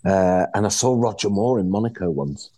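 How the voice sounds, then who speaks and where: A man's voice: deep voice, moderate pace, no echo, poor audio. A man, a podcast guest telling stories in a blunt, jokey way. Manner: animated storyteller, blunt and jokey. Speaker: actor guest. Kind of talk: casual podcast chat.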